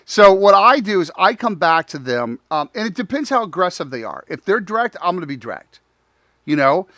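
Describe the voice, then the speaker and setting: A man's voice: sits high, sing-song, fairly quick, bright, forceful tone, no echo. A man hosting a live talk show, chatting casually and acting out dialogue, laughing often.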